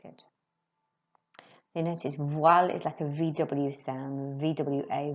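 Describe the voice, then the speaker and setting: A woman teaching a French lesson to pupils, slowly and clearly modelling phrases for them to repeat. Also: low voice, little pitch movement, dull audio. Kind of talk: recorded remote lesson.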